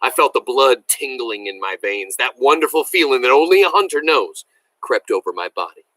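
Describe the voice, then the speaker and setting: A man reading a novel aloud as a teacher, animated and enthusiastic, stopping to explain words to his listeners. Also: medium pitch, moderate pace, no room sound, low-quality recording.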